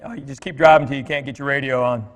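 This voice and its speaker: A man's voice: medium pitch, fairly even intonation, fast. A middle-aged man, a comedian, telling stories to a church congregation in a conversational, joking way with fillers and asides. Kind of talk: storytelling talk to a congregation. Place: church hall with an audience. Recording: long reverb from a large church hall.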